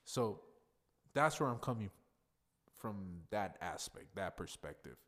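A man with a very deep, low-pitched voice hosts a solo podcast. He talks casually and bluntly, swears freely, and gives advice in a plain, straight-talking way. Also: big pitch swings, slow pace, a bit bright. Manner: blunt, profane and conversational. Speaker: podcast host. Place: workplace in a hotel lobby.

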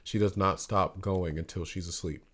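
A man co-hosting a podcast, chatting casually with lively, emphatic talk. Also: low voice, moderate pace. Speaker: podcast co-host. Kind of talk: casual chat.

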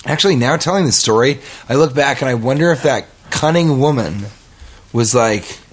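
A man's voice: mid-range voice, moderate pace, husky. Rambling male comic telling a story. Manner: rambling, animated, acts out quotes. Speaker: podcast host. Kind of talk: casual comedic storytelling.

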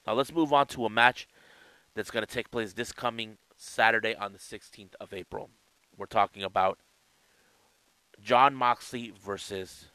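Chatty man with a bright, lowish voice. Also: clean tone, no echo, rough recording. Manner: chatty, with frequent restarts and asides. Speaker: wrestling news commentator. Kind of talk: casual news commentary.

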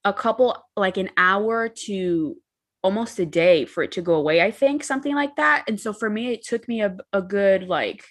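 A young woman talking in a loose, candid way, her stories rambling along with the odd curse. Her voice sits in an ordinary middle pitch. The feel is relaxed chat between friends. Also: moderate pace. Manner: candid, rambling storytelling with swearing. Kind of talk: casual chat.

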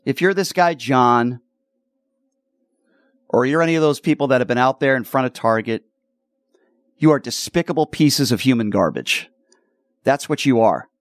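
An indignant male radio host lays out his opinions in a middle-pitched voice. He keeps restarting and repeating words when he gets heated. The studio sound is dry and close. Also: lively intonation, moderate pace, long pauses, dry recording. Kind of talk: opinionated talk radio commentary.

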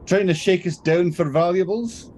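A man voicing a gruff, exasperated male dwarf warrior with a heavy accent, ranting indignantly in a tabletop game. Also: high voice, moderate pace, a little mellow, slight background noise, voice pushed up, close to an everyday voice. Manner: heavily accented, indignant rant.

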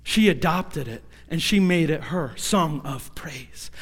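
A young man preaching a personal testimony as a sermon, moving from hushed storytelling to shouted, pleading prayer. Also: fairly high pitch, animated, slow pace, hardly any pauses, big-room sound.

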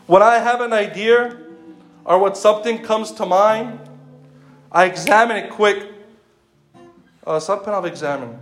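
A man with a strikingly high voice preaches a sermon, firing off repeated rhetorical questions and calling out listeners by name. He slips between English and another language mid-sentence. The room rings with echo, and a guitar plays faintly behind him. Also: unhurried, pauses often, a bit bright.

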